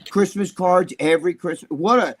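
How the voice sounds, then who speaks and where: A man's voice: high-pitched, normal speed, a crowd in the background. A man on a podcast, rambling through profane stories and acting out the people in them. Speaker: podcast regular telling stories. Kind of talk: casual chat, storytelling.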